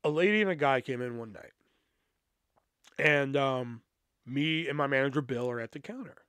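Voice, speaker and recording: A man's voice: mid-range voice, normal speed, fairly bright tone, clean tone, no room sound. A man hosting a podcast, telling work stories in a casual, profane, laid-back way. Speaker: podcast host. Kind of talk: casual storytelling.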